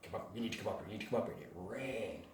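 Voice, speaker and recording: A man telling a rambling, animated story to a small group in casual chat, laughing often. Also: fairly low pitch, rapid-fire, slight background noise. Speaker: retreat guest telling his story. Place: home on a mountain top. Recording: roomy sound from far off.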